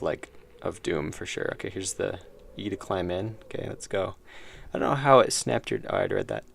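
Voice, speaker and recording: Gravelly low-voiced man streaming a game. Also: slight background noise. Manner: musing, reads game dialogue aloud. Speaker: streamer playing a horror game. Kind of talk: casual game commentary.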